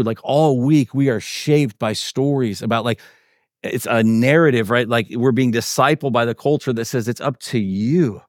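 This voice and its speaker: A male pastor preaching in a loose, chatty style, talking with his listeners instead of at them. His voice sits at an ordinary middle pitch and is recorded dry and close, with no room sound. He keeps checking in with the crowd and scatters fillers through his points. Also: dry recording. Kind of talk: conversational sermon.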